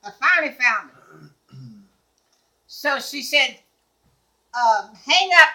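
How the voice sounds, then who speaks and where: An older woman telling a lively personal story, laughing often and acting out the people in it. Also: on the high side, slow, rough recording. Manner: acts out quoted dialogue. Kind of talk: casual anecdote.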